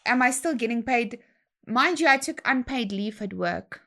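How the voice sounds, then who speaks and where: A young woman tells a story in a relaxed chat. Her voice sits a little high, and she uses slang freely. She acts out other people's lines as she goes. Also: moderate pace. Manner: animated, slangy storytelling with quoted dialogue. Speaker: guest DJ.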